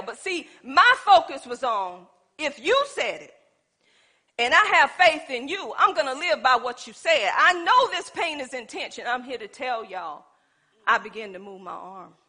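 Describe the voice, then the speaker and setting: Lady pastor preaching, high bright voice, storytelling, goes loud then hushed, talks right to the congregation. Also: very animated, normal speed, slightly rough. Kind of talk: sermon. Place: church.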